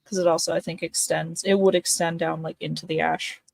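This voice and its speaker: A woman's voice: low voice, level tone, a little fast, gravelly, no room sound. A woman playing in a tabletop game, chatting casually and hesitantly. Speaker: player. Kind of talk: casual chat.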